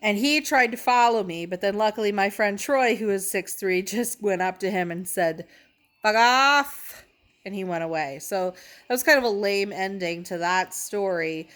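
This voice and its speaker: A woman's voice: mid-range voice, normal speed. A young woman telling funny stories in a brash, profane, self-mocking way, laughing as she talks. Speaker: comedic storyteller. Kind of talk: casual storytelling.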